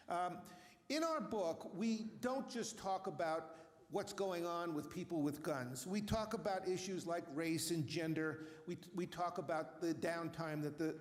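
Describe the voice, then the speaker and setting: An older man giving a talk as an author, presenting with slides in a relaxed way with frequent fillers and restarts. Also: high-pitched. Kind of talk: lecture with slides. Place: lecture hall. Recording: echoey hall from a distance.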